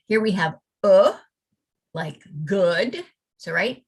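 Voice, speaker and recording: Woman teacher, unhurried pace, spells out letter sounds for parents over a video call. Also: mid-range voice, expressive, gravelly, breathy edge. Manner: slow, deliberate, sounds out letters and vowel sounds. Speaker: reading teacher presenting to parents. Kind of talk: online parent workshop on phonics. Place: home or classroom at computer, presenting slides.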